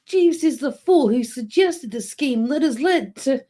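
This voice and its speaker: A woman's voice: high voice, expressive, unhurried, dark tone. A woman voicing a worried young male painter in a comic novel read aloud, pleading and fretful. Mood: anxious.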